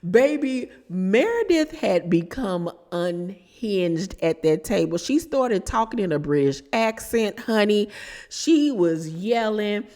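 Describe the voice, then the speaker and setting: A woman hosts a casual reality TV recap, dishing the drama with sassy asides of honey and child. Her delivery is unhurried and her pitch swings widely. The voice rings with a long, hall-like reverb. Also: big pitch swings, warm tone. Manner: sassy gossipy storytelling, calls listeners honey and child.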